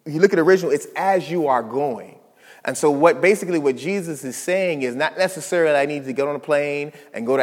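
A man's voice: a little high, in a large hall. A man preaching a teaching sermon, explaining step by step and asking rhetorical questions.

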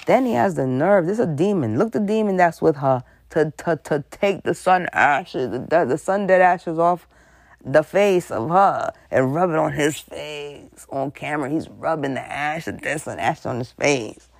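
Brief: gravelly conspiracy vlogger, rambling and suspicious, dry close sound. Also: medium pitch, normal speed, no room sound. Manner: laughs mid-sentence. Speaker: commentary vlogger. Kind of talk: casual conspiracy commentary.

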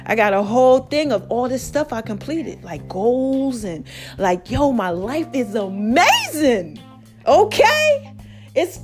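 A woman hosting a casual motivational podcast, preachy and animated, her voice cracking and tired. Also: on the high side. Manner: preachy, animated, calls listeners baby and child. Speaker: podcast host.

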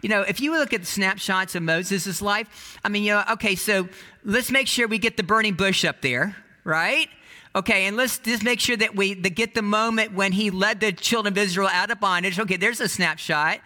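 A man preaching a sermon in a conversational, animated storytelling way, often restarting his sentences. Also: high-pitched, normal speed. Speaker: pastor.

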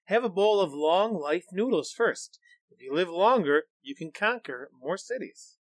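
A man voicing a clever, brave little girl who speaks quickly and eagerly, coaxing a monster in a storybook. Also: sits high, animated, no echo, studio quality, pitched above the performer's own voice. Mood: urgent.

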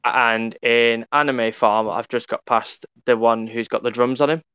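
A man's voice: mid-range voice, steady tone, measured pace, pushed and bright, clear, resonant tone, no echo. A young man telling funny stories in a casual chat with friends, laughing often. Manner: laughing, storytelling, profane banter. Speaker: podcast co-host. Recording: dull, lo-fi sound.

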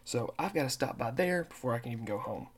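A man's voice: mid-range voice, expressive, fast talker. Man, podcast host, loose rambling storyteller who curses freely. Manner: says he has a terrible accent and mispronounces words. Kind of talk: casual monologue.

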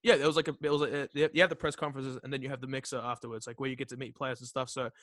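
A young man chatting casually, full of "um"s and restarts, often trailing off quietly. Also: medium pitch, level tone, no echo. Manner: halting, filler-heavy, trails off quietly. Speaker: podcast guest. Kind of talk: casual chat.

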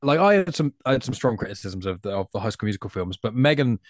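A man's voice: medium pitch, very animated, quick pace, no echo, clean studio sound. An English man with a chatty, rambling way of talking, a guest on a casual podcast. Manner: chatty, rambling, self-correcting.

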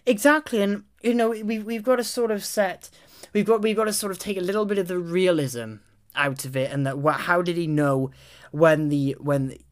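A woman's voice: lowish voice, moderate pace. A young woman talking through a film analysis in a thoughtful, analytical way. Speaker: film commentator. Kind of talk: casual film analysis talk.

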